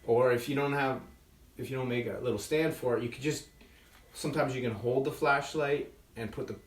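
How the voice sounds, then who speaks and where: A man's voice: medium pitch, steady tone, brisk. A man teaching a children's puppetry workshop in a friendly, chatty, playful way, often checking in with "right?". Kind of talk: children's craft tutorial. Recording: echoey room, distant mic.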